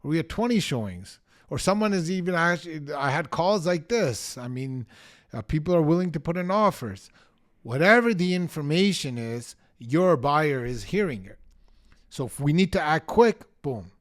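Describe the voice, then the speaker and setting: A man's voice: on the high side, expressive, moderate pace. A middle-aged man coaching real estate agents, talking to the camera in a punchy, emphatic way and acting out short bits of dialogue. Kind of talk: energetic coaching talk to the camera.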